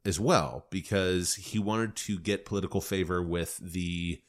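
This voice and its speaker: A man's voice: low-pitched, fairly even intonation, a little slow. A man co-hosting a casual, jokey history podcast, explaining facts with playful asides. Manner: jokey, slips into silly put-on voices. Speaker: podcast co-host. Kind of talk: casual comedic history chat.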